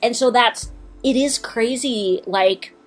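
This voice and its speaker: A woman's voice: on the high side, slow, faint music behind. A woman co-hosting a podcast in casual chat, talkative and sweary, with lots of fillers and trailing-off asides. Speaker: podcast co-host.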